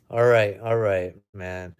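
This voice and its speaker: On a home live stream, a young American from the United States casually reads out and chats about viewer comments. His lowish voice is smooth, captured by a webcam or phone.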